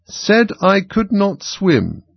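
A man's voice: sits high, wildly swooping pitch, takes it slowly, gravelly, no echo, voice pushed up, exaggerated voice. A man voicing a fussy, self-important old king who mutters and preens, in a storybook reading. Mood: pompous. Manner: muttering, pompous. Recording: dull lo-fi recording.

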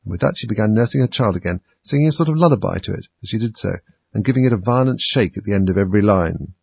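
Male audiobook narrator, low and gravelly, husky; dull lo-fi dry recording. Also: animated, fast, dry recording. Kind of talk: storybook reading.

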